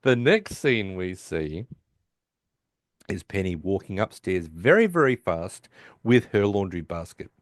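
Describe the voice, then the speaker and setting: A man's voice: low voice, big pitch swings, unhurried, dry recording, clean studio sound. A man hosting a podcast, casually recapping a sitcom episode and acting out the characters' lines as he goes. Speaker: podcast host.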